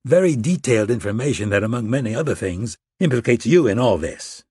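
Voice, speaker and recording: A man narrating an audiobook, voicing a smug, injured American traitor who speaks in a calm, amused and condescending way. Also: medium pitch, fairly quick, husky, no room sound, clean studio sound.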